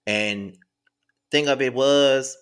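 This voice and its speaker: A man's voice: mid-range voice, takes it slowly, a bit bright, smooth. A man in his thirties hosting his own online show, talking emotionally to his viewers and close to tears, repeating himself as he thanks them. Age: 30s. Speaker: YouTube show host.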